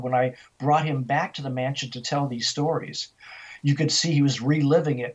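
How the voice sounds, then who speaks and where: An older man recounts a haunting as an interview guest, jumping into the voices of the people he quotes. His voice is husky and a little breathy. The sound comes through dull and lo-fi, like a phone line. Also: on the high side. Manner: animated storyteller, acting out quoted voices. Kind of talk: storytelling in a radio interview.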